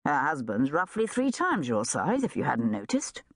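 A woman's voice: extremely low pitch, wildly swooping pitch, moderate pace, no room sound, clean studio sound, voice pushed down, full character voice. A woman reading aloud, voicing a grave, courteous young army officer.

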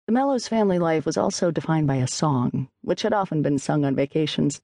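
An audiobook narrator giving a measured, expressive literary reading on a studio microphone. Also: medium pitch, no room sound.

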